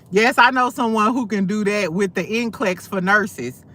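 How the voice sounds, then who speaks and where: A woman's voice: mid-range voice, moderate pace, fairly bright tone. A woman host on a casual livestream, telling blunt, profane gossip stories full of asides. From St. Louis. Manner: sassy, blunt, profane storytelling with many asides.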